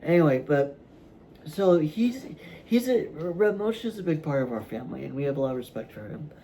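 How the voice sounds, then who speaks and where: A man hosting his own vlog, talking casually to camera from a room at home, halting and rambling with many fillers and restarts, yawning at times. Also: on the high side, lively intonation, dark tone, slight background noise, low-quality recording. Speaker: vlog host.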